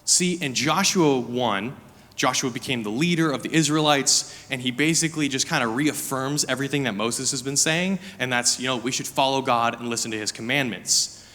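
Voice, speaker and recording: A young man giving a sermon as a guest preacher, telling a personal story in an animated, chatty way with lots of "like" fillers. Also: mid-range voice. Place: church sanctuary. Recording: reverberant hall.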